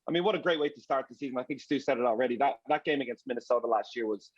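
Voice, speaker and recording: A man speaking as a soccer broadcaster on a panel, animated and often restarting his words. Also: medium pitch, racing, slightly rough, no echo, dull audio. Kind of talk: casual panel discussion.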